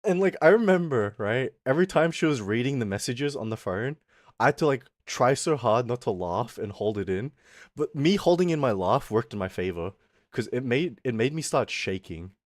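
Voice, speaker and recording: A young man streaming, animated and casual as he tells a rant, swearing freely and laughing often. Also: mid-range voice, normal speed, no echo, clean studio sound.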